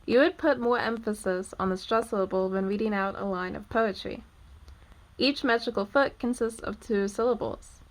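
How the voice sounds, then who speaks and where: A young woman in her twenties giving a scripted lesson, speaking clearly and deliberately and slowing down to stress syllables. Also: medium pitch. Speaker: student teaching poetry. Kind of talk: scripted educational narration.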